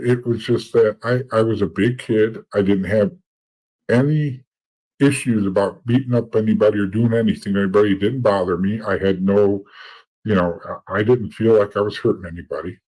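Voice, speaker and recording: A man's voice: on the low side, a little mellow, breathy edge, low-quality recording. A middle-aged man telling stories from his past as a podcast guest, blunt and profane, often repeating words as he talks. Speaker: podcast guest, former informant. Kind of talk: casual storytelling.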